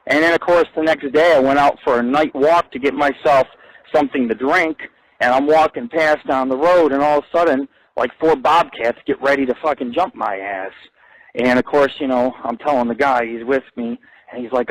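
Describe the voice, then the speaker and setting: A man hosting his own internet radio show, telling boastful, profane stories in a rambling live monologue that climbs higher and louder when he gets excited. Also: normal speed, no echo, low-quality recording.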